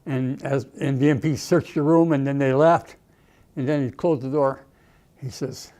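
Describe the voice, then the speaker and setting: A man's voice: a little high, normal speed, dark tone. An older man, an Army veteran, reminiscing emotionally in a documentary interview, often saying "okay" and "you know".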